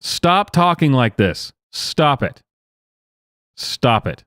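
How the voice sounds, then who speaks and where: Exasperated man with lively pitch. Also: very slow, no room sound, studio quality. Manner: exasperated, sighing, rambling. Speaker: host reacting to clips. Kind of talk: reaction commentary.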